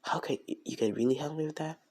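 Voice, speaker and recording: A man quoting a short, insecure teenage boy who speaks quietly and sheepishly. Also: fairly high pitch, fast, pitched above the performer's own voice, lightly acted. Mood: hopeful.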